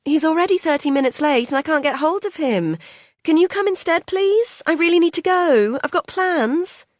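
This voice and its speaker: A woman voicing an impatient female carer whose pitch rises at the end of every sentence. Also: animated, moderate pace, no echo, clean studio sound.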